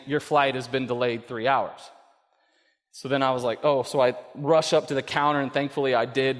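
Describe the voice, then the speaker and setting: A middle-aged male pastor preaching a sermon, telling a story and then pressing his point with loud emphasis. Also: mid-range voice. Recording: long reverb of a large hall.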